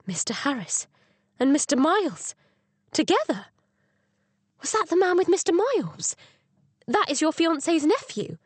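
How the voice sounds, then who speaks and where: A woman's voice: a little high, lively intonation, normal speed, no echo. A woman voicing an inquisitive young Victorian lady with polite diction. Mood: curious.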